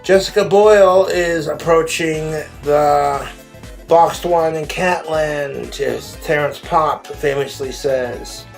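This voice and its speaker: A man's voice: on the high side, takes it slowly, creaky, faint music behind. A man ranting in a vlog, swearing often and sounding aggrieved about being hounded. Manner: crude, profane, aggrieved. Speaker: online video creator.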